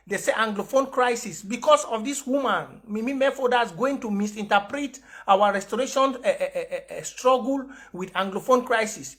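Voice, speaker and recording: Impassioned Cameroonian man, high voice. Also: moderate pace, few pauses, a bit bright. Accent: Cameroonian Pidgin English. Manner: impassioned, emphatic repeated declarations; mixes pidgin and English with frequent fillers. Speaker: activist host of an online broadcast. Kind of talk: livestream address to followers.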